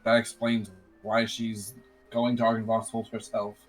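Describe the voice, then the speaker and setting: A man's voice: fairly low pitch, completely flat delivery, a little slow, faint music behind, rough recording. Matter-of-fact man tabletop player. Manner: matter-of-fact, explains plainly. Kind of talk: tabletop role-play.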